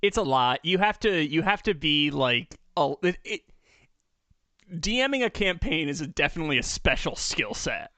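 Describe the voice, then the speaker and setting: Bright, clear-voiced podcast co-host. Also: male voice, a little high, moderate pace, dry recording. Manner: relaxed storyteller, fillers and swearing. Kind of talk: casual chat.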